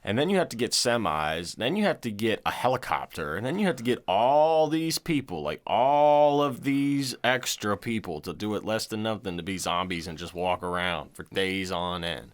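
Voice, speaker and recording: A man's voice: lowish voice, expressive, normal speed, few pauses. A man co-hosting a horror movie podcast, chatting enthusiastically with casual swearing and laughing as he retells scenes. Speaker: podcast co-host. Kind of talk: casual chat.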